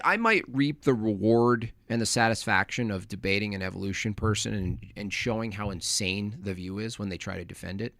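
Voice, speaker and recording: A man's voice: lowish voice, a bit bright, dry recording, clean studio sound. A man hosting a livestream, reading chat and ranting in a mocking, opinionated way. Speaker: livestream host.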